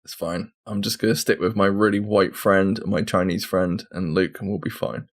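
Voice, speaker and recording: A man's voice: deep voice, steady tone, moderate pace. A man co-hosting a gaming podcast, casual and teasing, laughing often. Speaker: podcast co-host. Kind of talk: casual banter.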